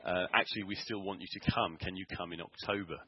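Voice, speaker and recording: A man preaches in a church, telling his story in an earnest, halting way. His voice sits very low and sounds husky. The recording is dull and muffled. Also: fairly even intonation, dry recording. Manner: earnest storytelling with many ums and restarts. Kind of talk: sermon testimony.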